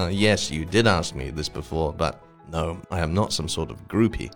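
A man co-hosting a casual English lesson, explaining word meanings in a relaxed way and laughing easily. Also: low voice, measured pace, faint music behind. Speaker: English teacher co-host. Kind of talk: casual bilingual lesson chat.

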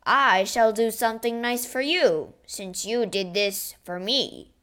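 A woman voicing a huge, cruel one-eyed male giant with a booming, gloating manner in a storybook reading. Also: slow pace, fairly bright tone.

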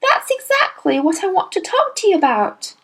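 A woman's voice: very high-pitched, big pitch swings, normal speed, a bit bright, pitched above the performer's own voice, heavily acted. A woman reading a storybook aloud, voicing an earnest little schoolgirl with eager, pleading urgency. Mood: urgent.

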